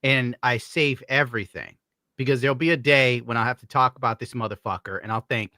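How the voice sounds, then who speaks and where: A man's voice: mid-range voice, fairly quick, bright, forceful tone, dry recording, clean studio sound. Sardonic, profane man streamer. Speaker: streamer host. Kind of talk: casual stream banter.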